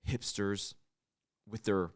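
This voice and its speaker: A young man co-hosting a comedy podcast, telling stories in a casual chat and acting out loud outbursts. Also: lowish voice, slow pace, no room sound, studio quality. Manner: animated storyteller, acts out loud outbursts. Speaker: podcast co-host.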